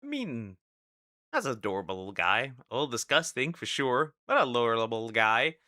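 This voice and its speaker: A man's voice: medium pitch, very animated, fairly quick, sharp tone, no echo, studio quality. A young man reacting to videos in casual live commentary, laughing often and repeating himself.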